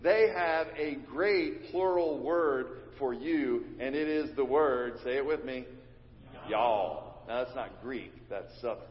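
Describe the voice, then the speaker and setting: A pastor delivers a sermon from the sanctuary in a mid-range voice, speaking a little slowly and rarely pausing. He teaches and draws his congregation into call and response, captured in a dull recording with the echo of a reverberant church hall.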